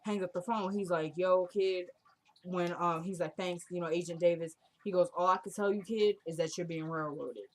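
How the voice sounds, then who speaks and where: A woman's voice: fairly low pitch, fairly even intonation, moderate pace. A woman casually recapping a TV drama episode, retelling the scenes and quoting the characters in a chatty, opinionated way.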